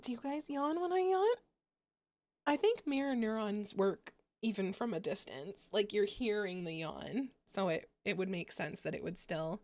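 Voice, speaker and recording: A woman's voice: mid-range voice, lively intonation, normal speed, a little mellow, dry recording. A young woman hosting a gaming livestream, chatting casually with viewers, giggling and swearing freely. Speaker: livestream host. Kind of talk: casual gaming stream chat.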